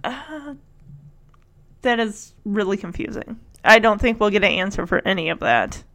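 A woman's voice: mid-range voice, animated, moderate pace, fairly bright tone. A woman hosting a casual recap chat, talking in a chatty, sarcastic way and laughing often.

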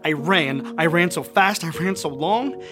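A man's voice: a little high, measured pace, natural voice. A man playing Peter, a remorseful fisherman disciple, in an earnest, confessional first-person monologue. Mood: anguished. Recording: music underneath the voice. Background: music playing.

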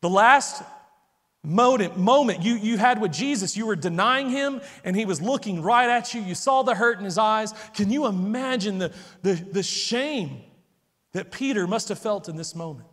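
A man's voice: sits high, expressive, normal speed, a bit bright, in a large hall. A man preaching a sermon, telling the story dramatically and putting questions to his listeners.

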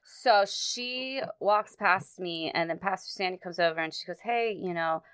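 A woman telling a personal story in casual conversation, halting often, with many fillers and restarts. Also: fairly low pitch, fairly bright tone, smooth, dry recording. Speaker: guest recounting a personal story.

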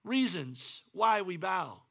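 Man, pastor, sermon, high voice, bright tone, animated delivery. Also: takes it slowly, creaky. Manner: animated, acts out the Bible quotes in varied voices. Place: church.

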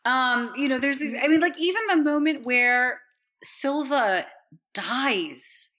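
A woman's voice: high voice, expressive, takes it slowly, pushed and bright. A woman chatting casually as a podcast co-host, rambling with enthusiasm, swearing freely and laughing often. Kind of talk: casual chat.

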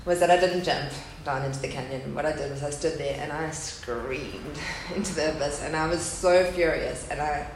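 Woman, 30s, low creaky voice, earnest testimony speaker, echoey hall with faint hum. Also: normal speed, few pauses. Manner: candid and earnest, speaking of loss. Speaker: speaker at a faith gathering. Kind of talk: personal testimony talk. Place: hall with a live audience.

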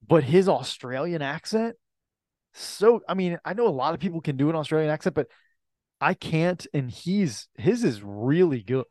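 A man co-hosting a casual podcast, chatting in an easygoing way with quick asides. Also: a little high, animated, a little mellow, no echo, clean studio sound. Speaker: podcast co-host. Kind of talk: casual chat.

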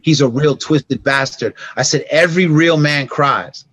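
A middle-aged man, a podcast guest, telling stories in casual conversation and acting out sounds and dialogue with lively energy. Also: fairly high pitch, a little slow, dry recording. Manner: animated, acts out sounds and dialogue.

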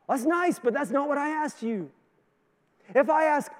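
A man with a Canadian accent preaching a sermon as pastor, his voice swelling loud and then dropping low. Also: normal speed, some chatter behind. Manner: preaching with strong rises and drops in loudness; sings a hymn line with the congregation. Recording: long hall reverb.

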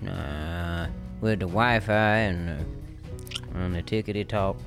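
A man's voice: sits low, takes it slowly, vocal fry, over music, voice pushed down, heavily acted. A man voicing an old southern man who grumbles about young kids, with a put-on Southern US accent and a folksy, drawling way of storytelling. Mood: grumbling.

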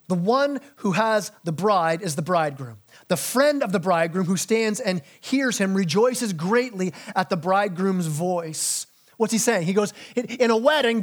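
A male pastor preaching a sermon, animated, acting out biblical figures in casual modern speech and dropping low and slow on key lines.

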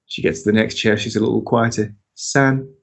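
A man telling a story in casual chat, animated, swearing and laughing often. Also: fairly low pitch, quick pace, gravelly. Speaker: podcast regular telling a story.

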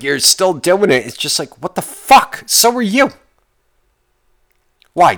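A man hosting his own podcast alone, ranting in a profane, exasperated way, his voice jumping higher when he gets worked up. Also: a bit bright. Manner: pitch jumps up when worked up. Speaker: podcast host. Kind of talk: casual solo podcast rant.

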